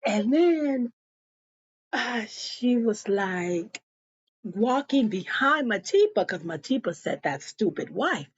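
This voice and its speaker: A woman casually recapping a TV episode, animated and chatty, talking straight to her viewers. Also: fairly high pitch, slow, slightly rough, dull audio. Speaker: show recap vlogger.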